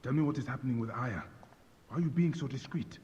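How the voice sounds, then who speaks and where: A man's voice: mid-range voice, fast talker, a little mellow, highs cut off, a little hiss or hum, natural voice. An actor playing a stern male warrior, asking direct, probing questions. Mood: probing, firm. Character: stern male warrior searching for his wife.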